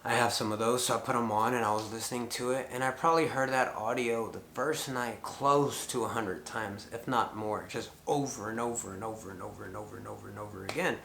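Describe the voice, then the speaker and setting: A man's voice: fairly low pitch, steady tone, fast, vocal fry, hardly any pauses, a bit bright, reverberant, slight background noise. A middle-aged man telling a rambling story to the camera, full of fillers as he retells conversations. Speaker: paranormal vlogger.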